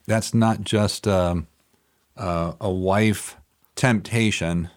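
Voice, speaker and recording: Deep slow guy, smooth voice, pauses a lot when he answers. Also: steady tone. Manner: hesitant, with many uh fillers. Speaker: guest.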